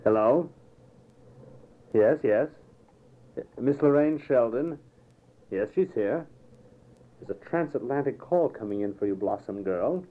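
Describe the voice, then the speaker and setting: A man's voice: medium pitch, lively intonation, measured pace, long pauses, pitched below the performer's own voice, natural voice. A man reading a comedy play aloud, voicing a formal servant who announces a phone call in clipped tones.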